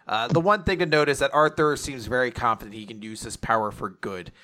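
A man with a middle pitch and a bright, forward voice hosts a casual podcast. He runs through comic chapters in a loose, filler-heavy way, now and then cursing when he loses a name. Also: a little fast. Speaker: podcast host. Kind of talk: casual chat recapping comics.

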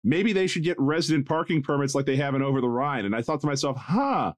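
A man's voice: medium pitch, fairly even intonation, quick pace, dry recording. A man co-hosting a podcast, making dry sarcastic jokes in casual chat. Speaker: podcast co-host.

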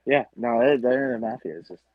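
A man's voice: mid-range voice, fast talker, dry recording, narrow, tinny audio. A man from Western New York, ranting with lots of profanity as a guest in a casual podcast chat. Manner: profane, ranting, animated storytelling. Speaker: guest, tailgate group leader.

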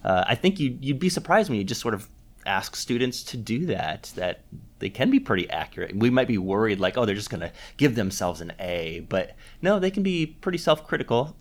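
A man's voice: medium pitch, very animated, fairly quick. A man hosting a podcast interview on teaching, speaking in an engaged, musing way with small restarts. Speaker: podcast host and educator.

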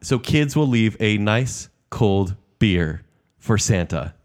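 Low-voiced man telling lively stories. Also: slow pace. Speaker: podcast co-host. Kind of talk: casual chat.

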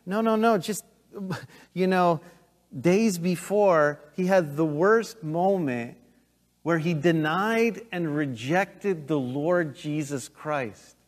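A middle-aged pastor delivers a sermon with a fairly high voice and an unhurried, deliberate pace. He moves between loud, urgent emphasis and hushed, intense moments. His voice rings out with a long reverb, as in a church sanctuary.

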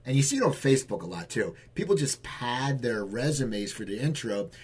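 A man's voice: mid-range voice, sing-song, moderate pace, breathy edge. A man, a comedian hosting an interview, asking loose questions in a casual, conversational way.

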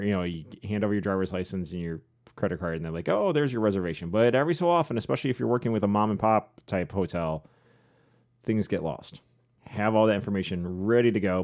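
A podcast co-host with a somewhat low, slightly mellow voice chats casually. He rambles in a conversational way and laughs frequently.

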